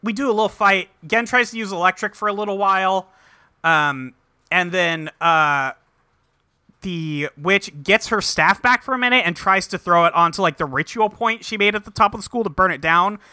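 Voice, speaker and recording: A man casually recapping an episode with a co-host, swearing freely and acting out the characters in quick quotes. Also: high voice, sharp tone, clean tone, no echo, studio quality. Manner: loose, profane, acts out characters in quick quotes. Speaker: podcast co-host recapping an anime. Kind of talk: casual chat.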